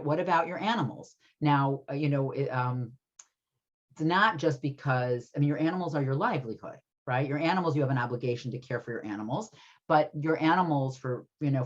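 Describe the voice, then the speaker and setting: A woman teaching an adult ethics class online, talking in a chatty way with lots of fillers and often checking in with "right?". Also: sits low. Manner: chatty, many fillers, keeps asking "right?". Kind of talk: conversational online class lecture. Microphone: video call. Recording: dull lo-fi video call audio.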